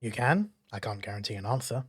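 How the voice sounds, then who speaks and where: A man's voice: lowish voice, animated, fast talker, slightly rough. A man narrating a tabletop game as game master, in a loose, rambling way with many fillers.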